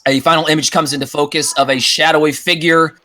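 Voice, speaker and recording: A man's voice: fairly high pitch, little pitch movement, quick pace, pushed and bright. A man narrating a tabletop role-playing game as dungeon master, describing scenes with occasional fillers.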